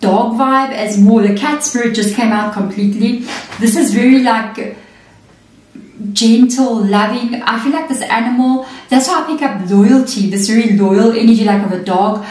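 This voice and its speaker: A woman's voice: on the high side, normal speed, darkish tone. A woman giving a chatty tarot reading, often checking in with "okay" and "you know what I mean.". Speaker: tarot reader. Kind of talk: casual spiritual reading. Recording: echoey room, mic at a distance.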